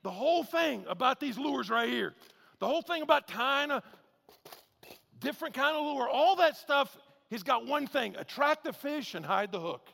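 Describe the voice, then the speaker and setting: A male pastor preaching a sermon with a high, bright voice full of gravelly fry. He keeps it conversational, punches points with near-shouts, then drops into low, quick asides. A long reverb from a big hall trails each phrase. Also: animated.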